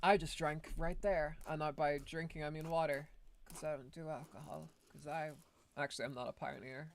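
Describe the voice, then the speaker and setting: A woman's voice: deep voice, steady tone, normal speed, creaky, slight background noise. A woman streamer giving casual, rambling gameplay commentary, often correcting herself and laughing.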